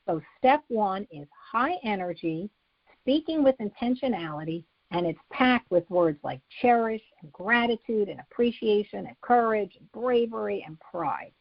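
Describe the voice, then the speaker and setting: A woman's voice: medium pitch, expressive, normal speed, dry recording, highs cut off. A woman psychologist explaining a method to parents, laying it out methodically in numbered steps. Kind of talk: instructional talk.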